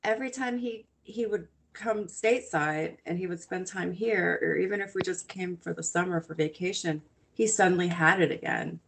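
Low, gravelly woman chatting casually. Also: normal speed, slight background noise. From grew up in Italy in a military family. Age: 30s. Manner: chatty, laughs often, storytelling. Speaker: podcast co-host. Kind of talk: casual chat.

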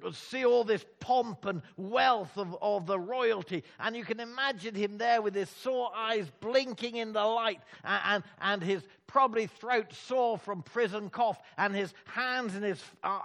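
A man preaching a sermon, emphatic, with dramatic pauses and words repeated for effect. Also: sits high, fairly bright tone.

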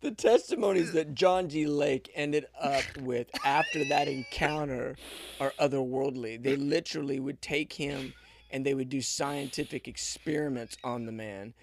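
Gravelly man sharing a faith story. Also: mid-range voice, normal speed. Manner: eager affirmations, loose retelling with restarts. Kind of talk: casual faith conversation.

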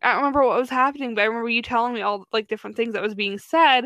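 Young woman co-host, casual filler-heavy chatter, a bit high-pitched. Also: racing, fairly bright tone, dry recording. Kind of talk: casual chat.

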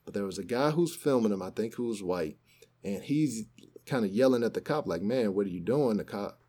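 A man's voice: on the low side, animated, a little fast, dark tone. Man recounting news casually. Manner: conversational storytelling, acts out quotes. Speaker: podcast co-host.

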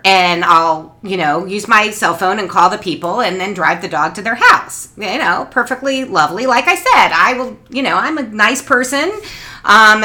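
A woman co-hosting a podcast, telling a story in casual chat and acting out the quotes with animation. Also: medium pitch. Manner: animated, acts out quotes, laughs through story. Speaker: podcast co-host.

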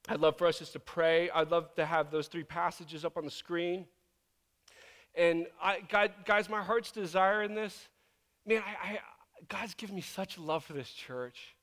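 In a church sanctuary with the long reverb of a large hall, a male pastor delivers a conversational sermon. His high, fairly bright voice is earnest, emotional and casual, full of fillers.

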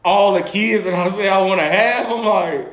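A man telling stories in a casual chat. He is animated and profane, and he laughs often as he talks. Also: high-pitched, normal speed, reverberant.

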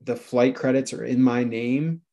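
A man's voice: medium pitch, steady tone, unhurried, creaky, warm tone. A man in his thirties, co-hosting a casual chat show, telling a story in a self-deprecating way and swearing freely. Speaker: podcast co-host.

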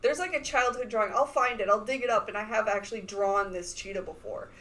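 A woman in her thirties chatting casually as a podcast co-host, an animated storyteller who laughs often and acts out voices. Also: medium pitch, fast, slight background noise. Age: 30s. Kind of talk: casual chat.

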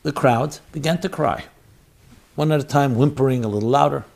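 Gravelly-voiced man preaching with emphasis. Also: mid-range voice, a little fast. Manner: emphatic, swinging between loud exhortation and quiet storytelling. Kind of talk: sermon.

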